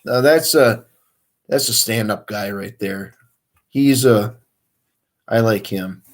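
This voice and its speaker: Guy rambling on his livestream, kinda low voice, real slow and laid back. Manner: rambling, easygoing, many fillers. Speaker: outdoors livestream host. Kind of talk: casual livestream chat.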